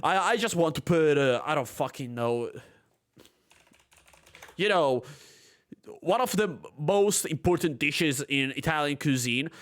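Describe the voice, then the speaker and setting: A man's voice: fairly high pitch, animated, measured pace, long pauses. A young man streaming from his room at home, reading forum posts aloud and breaking into heated, profane rants.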